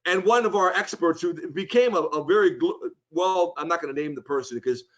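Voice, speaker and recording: Man, high voice, chatty guest recounting an anecdote with quoted voices. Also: fairly quick, highs cut off. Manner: animated, acts out quoted voices. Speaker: interview guest. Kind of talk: casual storytelling.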